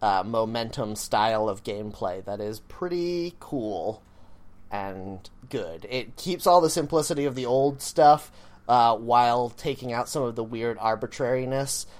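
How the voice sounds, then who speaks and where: A man's voice: mid-range voice, expressive, unhurried. A man co-hosting a podcast, chatting casually in a rambling, self-deprecating way with plenty of fillers. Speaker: podcast co-host. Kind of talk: casual chat.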